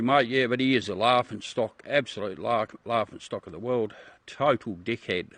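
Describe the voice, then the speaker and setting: A man's voice: mid-range voice, moderate pace, a bit bright, no echo. A man from South Australia with an Australian accent, hosting a casual livestream chat with viewers in a blunt, profane way that keeps calling everyone mate. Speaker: livestream host.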